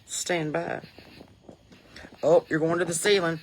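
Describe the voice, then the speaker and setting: A woman with a Southern American accent hosting a podcast, chatting folksy and loose from her porch into a phone, laughing often and swinging between loud and soft. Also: low-pitched, fairly even intonation, slow, slight background noise. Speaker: podcast host. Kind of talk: casual livestream chat. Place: outdoors on a porch. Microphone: phone on a holder.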